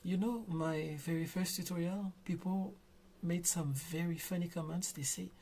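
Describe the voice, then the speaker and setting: A man with a French accent chatting casually on a live stream while he draws, soft and careful, stuttering at times. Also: high voice, steady tone, normal speed. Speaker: digital artist live-streaming.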